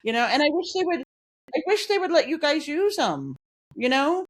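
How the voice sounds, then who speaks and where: A woman's voice: sits high, sing-song, moderate pace. An American woman hosting an interview, asking eager questions in casual chat, with lots of "you know" fillers. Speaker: podcast host.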